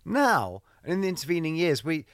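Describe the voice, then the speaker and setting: A man's voice: on the high side, sing-song, moderate pace, a bit bright, dry recording, studio quality. A man co-hosting a casual interview, chipping in with follow-up questions. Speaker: podcast co-host.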